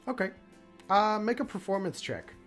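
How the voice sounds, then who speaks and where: Dm guy narrating a tabletop game, relaxed and rambly. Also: sits high, moderate pace, faint music behind. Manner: laid-back, hesitant narration with many fillers. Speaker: dungeon master.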